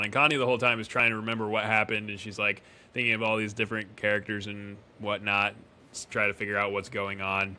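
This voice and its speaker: A man co-hosting a podcast casually recaps an episode, using fillers and correcting himself while acting out the characters' lines. His lowish voice is level, bright, forceful and smooth, and he speaks fairly quickly.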